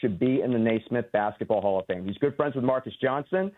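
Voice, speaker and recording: A man's voice: mid-range voice, brisk, no room sound. A man in his forties from Los Angeles calls in to a sports radio show. He talks in an earnest, emphatic way and tends to ramble through his stories. His voice reaches the studio as a tinny, narrow phone line. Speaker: caller. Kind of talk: call-in radio chat. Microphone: phone call.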